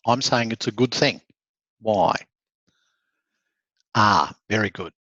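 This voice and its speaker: A man's voice: fairly low pitch, takes it slowly, pushed and bright, no room sound, lo-fi sound. A man giving an online law lecture, encouraging and conversational, reading out students' comments. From Australia. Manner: encouraging, conversational, laughs often.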